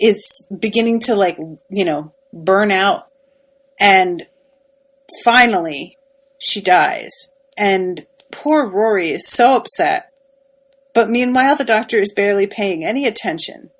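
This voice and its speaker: Slow-talking woman recapping an episode. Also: medium pitch, a bit bright, poor audio. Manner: emphatic, sympathetic retelling with many fillers. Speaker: podcast co-host. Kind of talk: casual chat recapping a TV episode.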